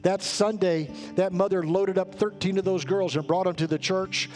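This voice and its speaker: A man's voice: high-pitched, fairly even intonation, normal speed, a little mellow, soft background music. A man preaching a sermon as a pastor in church, telling a story earnestly and building to emphatic peaks. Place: church sanctuary.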